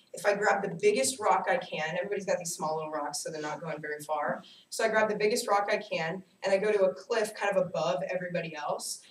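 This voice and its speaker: Young woman telling stories in an echoey room. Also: lowish voice. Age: young adult. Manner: animated, self-mocking storytelling. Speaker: student giving a speech. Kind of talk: personal storytelling speech. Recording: echoey room, distant mic, faint hiss.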